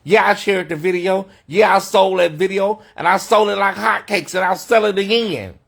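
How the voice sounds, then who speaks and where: A man's voice: high-pitched, normal speed, creaky, fairly bright tone. A man hosting an unscripted livestream, talking in a sassy, mocking way and calling people honey, from a hotel room. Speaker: host of a livestream commentary show.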